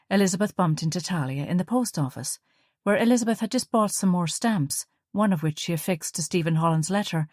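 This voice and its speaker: A woman narrating an audiobook in a steady, measured storytelling manner. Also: fairly low pitch, no room sound, studio quality. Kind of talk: scripted narration.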